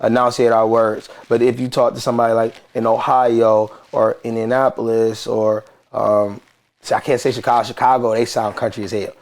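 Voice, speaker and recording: A man from Detroit with a Detroit accent and a gravelly edge to his mid-pitched voice. He chats as a podcast guest in loose, slang-heavy talk, laughing often. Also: level tone, normal speed. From Detroit, USA. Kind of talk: casual chat.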